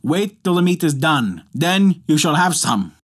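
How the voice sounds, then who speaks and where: A man voicing a gruff, stern young hunter who speaks roughly and bluntly in a folktale reading. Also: fairly high pitch, sing-song, unhurried, exaggerated voice. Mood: threatening.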